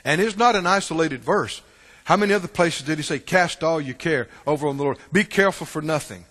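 A man preaching a sermon to his church, swinging between shouted exhortation and low, quiet asides, often asking the congregation "right?". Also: fairly quick, big-room sound. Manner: call-and-response asides like "Right?" and "Huh?". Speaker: pastor.

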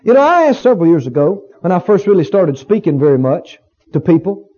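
Brief: male pastor preaching with a high, mellow voice, folksy and emphatic, on a muffled recording. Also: very animated, brisk, husky. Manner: folksy, emphatic, repeats phrases. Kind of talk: sermon. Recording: dull lo-fi recording.

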